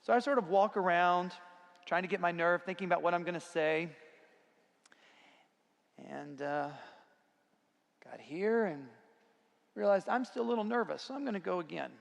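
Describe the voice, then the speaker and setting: A man giving a conference talk, telling a self-deprecating personal anecdote in a relaxed storytelling manner. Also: high voice, moderate pace, vocal fry, pauses often. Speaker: conference speaker. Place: conference hall. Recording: long reverb of a large hall.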